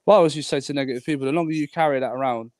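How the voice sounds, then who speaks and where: Quick, earnest man, dry sound. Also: medium pitch, darkish tone, no room sound. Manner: earnest, filler-heavy, says "like" a lot. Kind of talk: casual chat.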